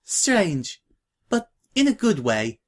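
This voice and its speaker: A man's voice: sits high, wildly swooping pitch, takes it slowly, pitched above the performer's own voice, full character voice. A man voicing a timid, prim young filly who speaks politely and formally, hesitant and tearful.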